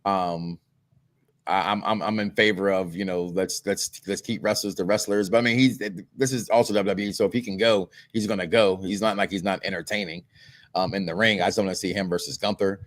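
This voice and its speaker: Low-voiced man in relaxed wrestling chat. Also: brisk. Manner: relaxed, hesitant with ums, laughs along. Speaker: podcast co-host. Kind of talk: casual wrestling review chat.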